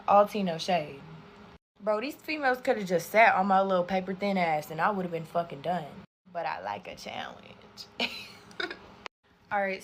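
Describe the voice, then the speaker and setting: A young woman in her twenties spins a storytime for her viewers while putting on makeup. She is lively and swears constantly, chatty and expressive. Her voice sits at a middling pitch for a woman. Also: noisy background. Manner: animated, profane, chatty, addresses viewers as y'all. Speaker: storytime creator.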